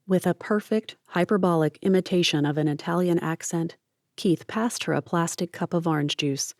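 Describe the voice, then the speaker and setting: A woman narrating an audiobook in a steady, measured reading voice. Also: fairly low pitch, no echo, clean studio sound. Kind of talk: scripted narration.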